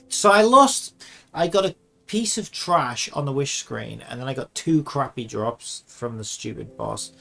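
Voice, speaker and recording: A man giving excitable, sarcastic live commentary while playing a video game. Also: mid-range voice, creaky. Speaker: gaming streamer.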